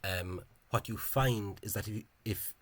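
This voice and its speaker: A man with a very low, husky voice talks through a language topic in an informal video. He thinks aloud as he goes, wandering off into side points with a scholarly bent. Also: unhurried. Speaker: Irish-language spelling enthusiast. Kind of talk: informal explanatory video talk.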